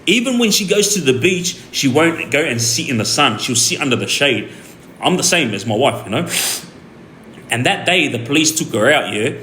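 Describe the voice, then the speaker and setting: A young Australian man telling a story on his stream in a rambling, animated way, full of fillers and restarts. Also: mid-range voice. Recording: echoey room with faint ambient noise.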